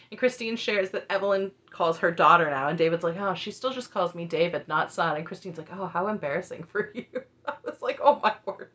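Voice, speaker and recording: A woman in casual commentary recapping a reality show, laughing often and acting out what people said. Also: lowish voice. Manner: animated, laughs often, acts out quotes.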